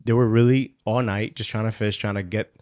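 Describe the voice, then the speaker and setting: A man's voice: on the low side, fairly even intonation, fairly quick, a little mellow, smooth, dry recording, studio quality. A man co-hosting a podcast, talking loosely about Bible stories with plenty of casual fillers. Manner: loose and conversational, many fillers like "like" and "you know what". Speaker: podcast co-host.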